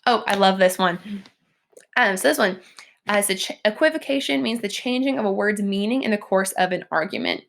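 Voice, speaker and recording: A woman's voice: medium pitch, fairly quick, vocal fry. A young woman, teaching a recorded lesson in a chatty way, with many "like" and "um" fillers. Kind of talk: recorded classroom lecture over slides.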